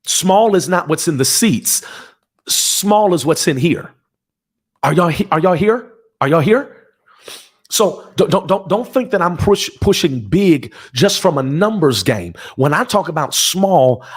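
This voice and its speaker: A man's voice: fairly high pitch, very animated, unhurried, breathy edge. A man preaching from his home office on a livestream, fervent and emphatic, repeating phrases and calling out to his listeners. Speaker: pastor.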